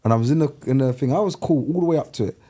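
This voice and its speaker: A man's voice: mid-range voice, rapid-fire. A man, co-hosting a casual group chat and telling stories animatedly. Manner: animated storyteller, acts out his own past words. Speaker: podcast co-host.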